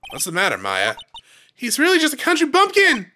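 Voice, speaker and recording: A man voicing a wry, deadpan young male defense lawyer in a low muttering voice. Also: a little fast, slight background noise, exaggerated voice.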